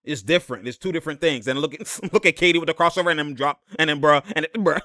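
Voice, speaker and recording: A man giving a slangy, excited breakdown of basketball game film, laughing often and repeating himself. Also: a little high, quick pace, no room sound, clean studio sound.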